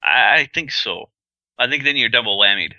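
A man's voice: mid-range voice, normal speed, bright, forceful tone, no echo, muffled recording. Quipping man co-hosting a podcast. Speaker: podcast co-host. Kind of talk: casual podcast chat.

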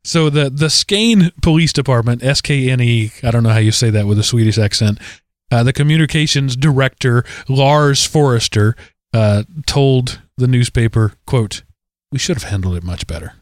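A man co-hosting a podcast, casually retelling odd news stories in an animated way, often correcting himself mid-sentence. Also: mid-range voice, moderate pace, no echo, clean studio sound. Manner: animated, self-correcting storyteller. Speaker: podcast co-host.

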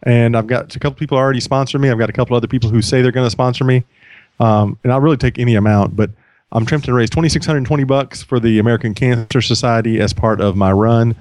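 A man's voice: medium pitch, steady tone, fast talker, darkish tone, dry recording, studio quality. A man hosting a casual podcast, chatty and self-mocking, restarting sentences often. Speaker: podcast host.

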